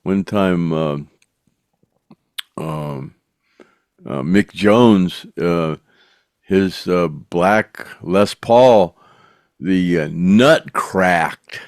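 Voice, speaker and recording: Deep-voiced older man, slow halting storyteller. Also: a little mellow, no room sound, studio quality. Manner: halting, full of "uh" and "you know". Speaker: show host and former rock roadie. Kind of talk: casual storytelling.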